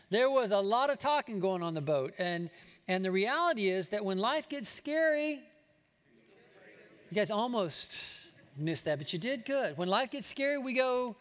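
A man preaches with a very high voice and real animation. He acts out the dialogue of Bible characters and often restarts his sentences. Long reverb from the church hall trails behind him. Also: a bit bright. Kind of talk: sermon.

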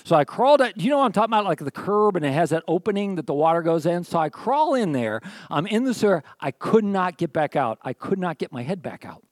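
Man, middle-aged, pastor, sermon, folksy storytelling, slightly high voice, dry close sound. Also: big pitch swings, quick pace, few pauses, no echo. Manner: conversational, folksy storytelling with frequent "okay?".

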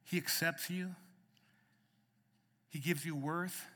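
A man's voice: fairly high pitch, steady tone, slow, bright, forceful tone. Emphatic preacher man in a reverberant hall. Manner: emphatic, repeats words when starting phrases. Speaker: pastor. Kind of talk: sermon. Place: church sanctuary.

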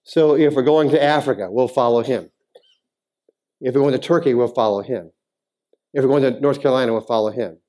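A man preaching a sermon as a pastor in a church, talking casually with the congregation and then building to emphatic, near-shouted appeals. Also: mid-range voice, brisk, pauses often. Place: church sanctuary.

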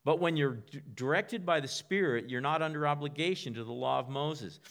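Delivering a conversational sermon, this man speaks briskly in a voice on the high side. He frequently repeats and restarts words, now and then whispering a quiet prompt to act out an inner voice.

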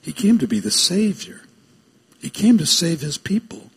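A man preaching a sermon as a pastor, reading scripture aloud with slow, stressed phrasing and breaking off into quick asides. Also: a little high, very animated, slightly rough.

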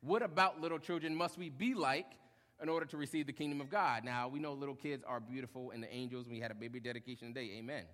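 A young adult male pastor preaching a sermon, lively, acting out short quotes and joking with the congregation. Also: medium pitch, fast. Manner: animated, acts out short quotes, jokes with congregation. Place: church hall. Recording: long hall reverb.

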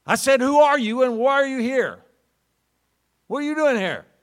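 A man voicing a stern male soldier who shouts his questions in a sermon story. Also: extremely high pitch, animated, normal speed, pitched above the performer's own voice. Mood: barking. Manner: shouting, demanding.

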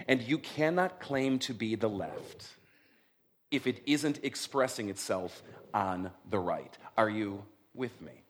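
A middle-aged male pastor preaching a sermon in an animated, conversational way, often checking in with his listeners. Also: lowish voice, takes it slowly, slight background noise. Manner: conversational, animated, frequent "right?" check-ins.

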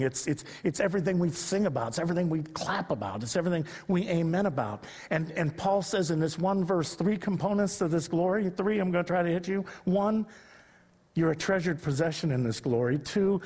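A man's voice: fairly high pitch, slightly rough. A man preaching a sermon, telling stories and rising to emphatic peaks. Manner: storytelling preacher, builds to loud emphatic peaks. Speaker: pastor. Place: church sanctuary. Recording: long reverb of a large hall.

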